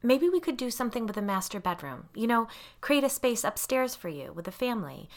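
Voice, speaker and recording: A woman's voice: a little high, very animated, brisk, pitched above the performer's own voice. A woman voicing an anxious mother in an audiobook, keeping her tone forcibly light and cheerful. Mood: coaxing. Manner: forced cheer.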